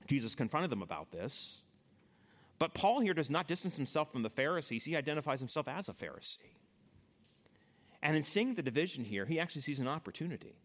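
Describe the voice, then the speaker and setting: A man with a somewhat high voice preaching a sermon. He talks in an easy, conversational way and often turns straight to his listeners. He is earnest, and his voice drops soft and low when he offers comfort. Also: sing-song, a little fast. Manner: conversational, addresses listeners directly. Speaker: pastor.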